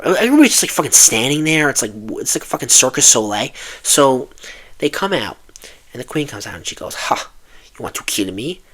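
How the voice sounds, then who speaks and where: A man's voice: mid-range voice, fairly bright tone. Profane, exasperated man ranting. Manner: profane, exasperated rant with many restarts. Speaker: film reviewer. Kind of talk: ranting film review.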